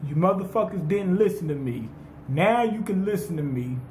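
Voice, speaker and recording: A man's voice: high-pitched, lively intonation, normal speed, darkish tone, slight background noise. A man giving a rambling, profane, comedic recap of an anime episode, retelling the characters' lines in slang. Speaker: anime reviewer.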